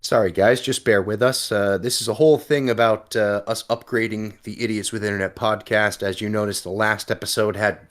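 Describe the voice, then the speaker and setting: A man's voice: lowish voice, steady tone, a little fast, few pauses, a bit bright. A man co-hosting a casual podcast over a remote call, tossing in joking, sarcastic asides. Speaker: podcast co-host. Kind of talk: casual chat.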